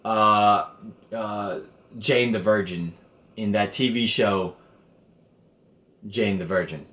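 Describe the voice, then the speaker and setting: This podcast host, a man with a mid-range, somewhat bright voice, narrates a story in casual, swear-filled slang. He acts out the people involved with a raised voice, and the recording has an echoey room sound.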